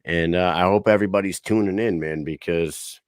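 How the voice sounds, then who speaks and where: A man's voice: low voice, brisk, dry recording, studio quality. A man co-hosting a sports podcast, telling rambling, profane stories and correcting himself as he goes. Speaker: podcast co-host. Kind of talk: casual sports podcast chat.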